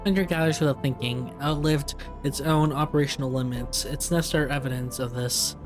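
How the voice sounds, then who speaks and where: A fugitive machine intelligence hiding in a vending machine speaks in clipped, broken fragments, as a man reads its lines in his own voice. The pitch sits in a plain middle range. Game music plays clearly underneath. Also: steady tone, moderate pace, close to an everyday voice. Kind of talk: reading game dialogue aloud. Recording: game music playing behind.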